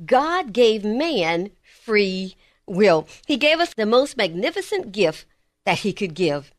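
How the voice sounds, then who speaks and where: A woman preaching a sermon, swinging between emphatic lines and hushed, slow ones. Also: mid-range voice, very animated, no echo, clean studio sound.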